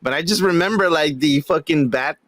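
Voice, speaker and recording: A man's voice: on the high side, fairly quick, a bit bright, dry recording. A man co-hosting a podcast in casual drunk chat, loose and laughing. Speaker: podcast co-host.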